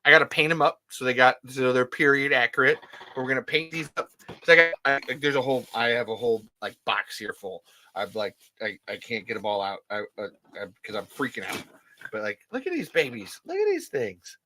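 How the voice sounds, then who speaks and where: A vlogger unboxing collectibles, giddy and breathless, gasping and rambling with casual swearing. The pitch swoops all over the place, and the tone is bright and forceful. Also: animated, a little fast, a little hiss or hum. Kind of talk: excited unboxing vlog.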